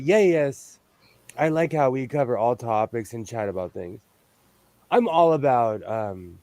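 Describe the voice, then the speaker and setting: A man from the West Coast chats casually while he sews on a livestream, his voice sitting a little high and bouncing up and down in pitch. He rambles from one story to the next, restarting sentences and laughing often. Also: darkish tone, no echo. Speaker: sewing livestream host. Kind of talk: casual chat while sewing.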